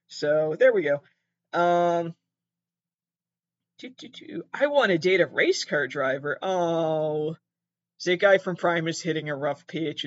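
A man on a rambling comic monologue, his voice sitting a little high and leaping into squeaky peaks when something surprises him. He keeps cutting himself off and wandering off track. The sound is muffled, like a lo-fi home recording. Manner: digressive, self-interrupting, with sudden squeaky jumps in pitch. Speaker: comedy podcast host.

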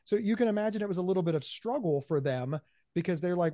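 A man answering interview questions in an animated way, often repeating his words as he talks. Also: high voice, fast talker, no room sound. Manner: animated, acts out quoted voices, repeats words. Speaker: guest, mental health speaker.

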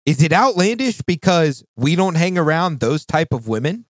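Man, podcast co-host, casual chat, very lively pitch, cursing, dry close sound. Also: normal speed, dry recording. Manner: animated, swearing, mimics voices with big pitch jumps.

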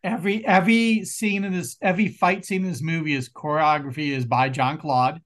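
A man's voice: fairly high pitch, fairly even intonation, fairly quick, a bit bright. A man co-hosting a movie-review podcast, joking around in casual chat and laughing a lot. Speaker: podcast co-host.

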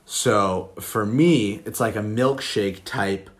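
A man's voice: fairly low pitch, slow pace. A man co-hosting a podcast in casual chat, laid-back and rambling, swearing casually. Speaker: podcast co-host.

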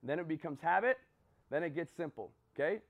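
A man's voice: a little high, lively intonation, brisk, muffled recording. A man giving a motivational talk to a group, telling a story and checking in with "right?" and "okay?". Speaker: motivational speaker.

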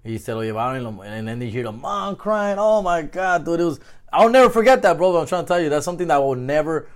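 A man's voice: fairly high pitch, animated, fast talker. A man, talking casually as a podcast guest, full of slang and swearing and mixing in Spanish words. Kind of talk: casual chat.

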